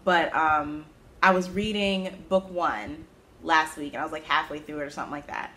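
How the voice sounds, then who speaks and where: A woman hosting her own knitting podcast, chatting casually about her projects and breaking into sudden high-pitched exclamations. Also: fairly even intonation, normal speed, pushed and bright. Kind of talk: casual chat.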